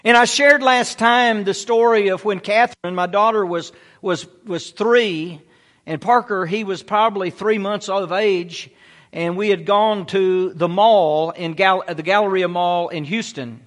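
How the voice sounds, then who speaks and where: High-voiced preacher man, emphatic. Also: unhurried, a bit bright. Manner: emphatic preaching with dramatic storytelling. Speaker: pastor. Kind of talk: sermon.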